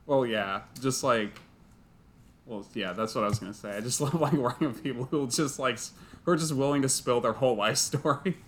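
Halting man with faint background hiss. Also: mid-range voice. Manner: halting, lots of "like". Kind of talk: casual chat.

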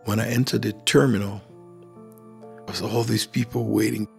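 Telling his life story with a Liberian accent, a middle-aged man from Liberia uses a gravelly, lowish voice at normal speed. He animatedly acts out quoted dialogue, and there's faint music in the background.

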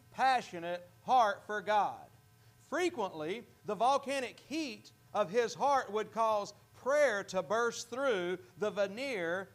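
A pastor preaching a sermon in a church, earnest, often repeating and restarting words. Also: male voice, sits high, fairly bright tone.

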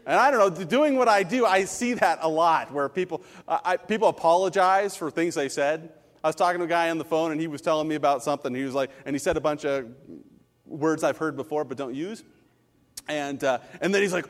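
A middle-aged male pastor preaches in an animated, joking storyteller's way. His voice sits a little high for a man and carries the long reverb of a church sanctuary. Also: fairly quick. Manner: animated, jokey storytelling with laughs and asides. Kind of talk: sermon with personal stories.

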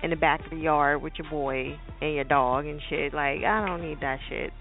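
Gravelly and blunt, this chatty woman hosts casual call-in radio, speaking at a normal speed with few pauses. She puts on high, squeaky tones to act out voices, heard over a tinny phone-line sound with music in the background.

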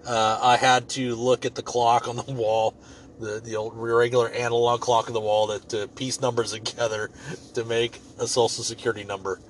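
A man's voice: medium pitch, level tone, moderate pace. A man in his ordinary middle register tells a story in a loose, rambling way. He swears freely and keeps it joking and offhand, with a faint hiss of background noise under his voice. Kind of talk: casual storytelling monologue.

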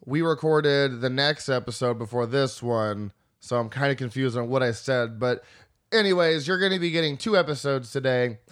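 A man's voice: medium pitch, moderate pace, fairly bright tone. A young man hosting a podcast, chatting casually, joking and rambling as he corrects himself. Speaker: podcast host.

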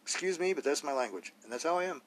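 A man's voice: on the high side, expressive, fast talker. A man hosting a solo podcast, talking bluntly and rawly in a rambling way, full of rhetorical questions. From Idaho, US. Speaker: podcast host.

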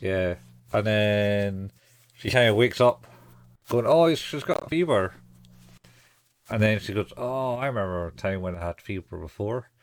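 A man's voice: lowish voice, moderate pace. A man co-hosting a podcast, chatting casually about an anime and chiming in with short agreements. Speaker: podcast co-host. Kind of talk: casual chat recapping an anime.

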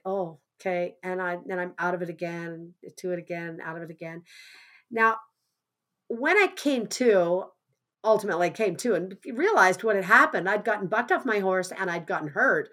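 Woman, mid-pitched, earnest conversational storyteller, softens at the hard parts. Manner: earnest, conversational, drops softer at grim moments. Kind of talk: personal anecdote monologue.

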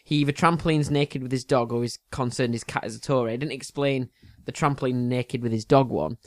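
In a clean studio recording without room sound, this podcast co-host speaks briskly in a medium pitch and steady tone. He plays quizmaster in a relaxed chat, teasing his partner, joking around, and laughing a lot.

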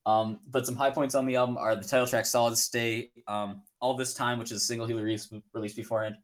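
A man's voice: medium pitch, little pitch movement, fast. Laid-back young man rambling on a podcast. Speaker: podcast co-host. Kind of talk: casual chat.

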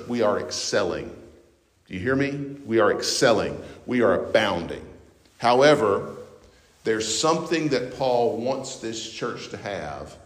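A pastor preaching a sermon, moving from quiet reflection to loud, fervent emphasis with many repetitions. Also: male voice, lowish voice. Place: church sanctuary. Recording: roomy church hall reverb.

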